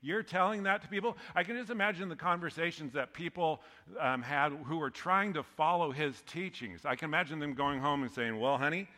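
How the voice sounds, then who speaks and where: A man's voice: on the high side, fairly quick, few pauses, sharp tone. A man preaching a sermon as pastor, conversational and joking, often laughing at his own lines. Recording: long hall reverb.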